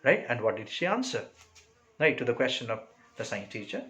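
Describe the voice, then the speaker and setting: A man with an Indian English accent, explaining a story to his class, checking in with "right?" after nearly every phrase and pausing on many "uh"s. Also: mid-range voice, big pitch swings, bright, forceful tone, low-quality recording. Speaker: teacher.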